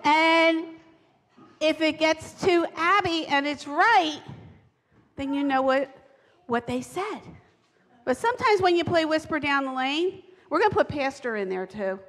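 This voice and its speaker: Speaking in a high, animated, slightly bright voice, she takes an unhurried pace while guiding children through a playful moment in a church service, encouraging them to sit and play a game. The sanctuary gives the handheld or lapel mic recording a long reverb.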